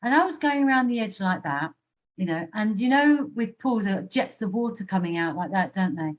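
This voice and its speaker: A woman's voice: medium pitch, lively intonation, a little fast, dull audio. A woman hosting a podcast, chatting casually and drawing her guest in with tag questions. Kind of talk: casual chat.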